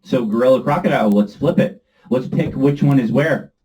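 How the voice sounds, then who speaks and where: A man's voice: mid-range voice, normal speed, dark tone, a little hiss or hum, poor audio. A man co-hosting a casual movie podcast, playful and jokey, fond of silly accents. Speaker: podcast co-host.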